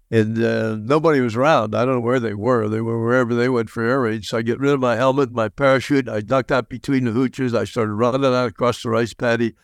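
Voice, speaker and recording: An older man, a guest on an interview show, telling his story in a lively way with dry humor. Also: medium pitch, no echo. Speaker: guest, former prisoner of war and motivational speaker.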